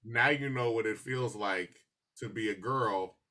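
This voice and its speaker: A man hosting a podcast in casual chat, telling stories with lots of laughter and animated asides. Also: on the low side, unhurried. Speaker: podcast host.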